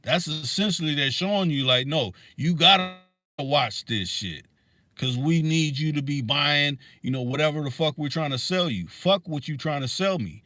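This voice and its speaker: A man's voice: on the high side, lively intonation, moderate pace, pushed and bright. A man hosting a livestream, ranting in a heated, profane way with many restarts and fillers. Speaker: livestream host. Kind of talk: casual rant on a livestream.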